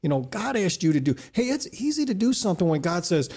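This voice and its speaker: A man's voice: sits high, fast. A man leading a casual church panel discussion, telling stories and asking the group questions. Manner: lively storyteller, asks the group questions. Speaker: discussion leader.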